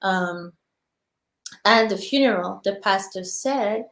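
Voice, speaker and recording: A woman's voice: mid-range voice, fairly even intonation. Woman host, casual chat, hesitant storyteller, echoey room. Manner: supportive listener, many small affirmations, halting when telling stories. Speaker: podcast host.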